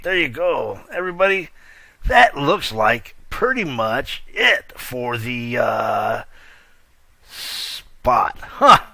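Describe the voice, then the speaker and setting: A man hosts a casual online news show about a virtual world, sounding hyped and slangy as he laughs often and lets thoughts trail off. His voice sits high, bright and pushed, in a dry recording.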